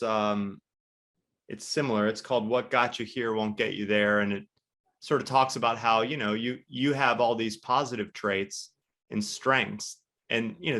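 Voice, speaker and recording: A man hosting a business interview speaks in a low voice. He reflects out loud in a loose, conversational way, full of casual fillers. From United States. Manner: reflective, conversational, many fillers like "you know". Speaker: podcast host.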